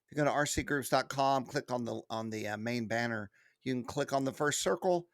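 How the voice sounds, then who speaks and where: A man's voice: medium pitch, fairly quick, fairly bright tone, no room sound, clean studio sound. A man hosting a weekly hobby news roundup, chatty and enthusiastic, with frequent fillers. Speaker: host of a weekly RC news show.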